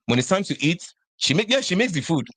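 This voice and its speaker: A man's voice: sits high, fast, no room sound. A man from Africa telling stories in casual chat, acting out voices as he goes. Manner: animated storyteller, acts out voices. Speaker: podcast host.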